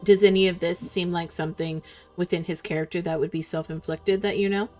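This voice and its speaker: A woman's voice: fairly low pitch, steady tone, fairly quick, darkish tone, soft background music. A woman playing a tabletop game, playful and often laughing. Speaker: player. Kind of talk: tabletop role-play chat.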